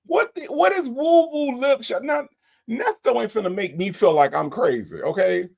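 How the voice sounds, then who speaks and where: A man hosting a live stream reviews a recorded call, his voice extremely high, expressive and darkish with vocal fry, at normal speed. Exasperated and incredulous, he keeps repeating his questions to the chat.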